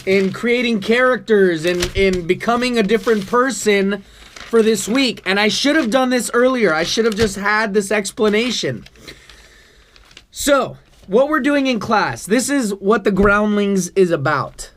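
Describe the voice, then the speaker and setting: A man's voice: high voice, a little slow, fairly bright tone, a little hiss or hum. A man vlogging to camera about his acting class, talking in an earnest, rambling way, bothered by allergies. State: allergies, coughing. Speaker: vlogger, improv student. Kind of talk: casual talk to camera.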